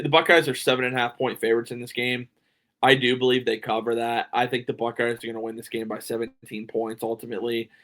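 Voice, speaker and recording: Male podcast host, solo, middle pitch, casual and opinionated, a little sleepy, lots of ums. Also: a bit bright. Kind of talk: solo sports preview talk.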